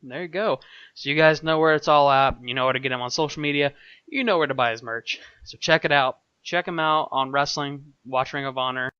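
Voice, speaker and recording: A man's voice: on the high side, fairly quick, pushed and bright, clean tone, no room sound, lo-fi sound. A man hosting a wrestling podcast interview in an upbeat, enthusiastic way. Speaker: podcast host.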